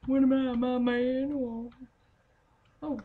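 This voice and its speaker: A woman playing a game and chatting as she goes, her voice going hoarse, swearing and singing to herself. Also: sits high, level tone, slow pace, phone-quality sound. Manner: chatty, swears often, sings and mutters to herself. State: losing her voice. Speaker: gamer. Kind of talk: casual let's play commentary.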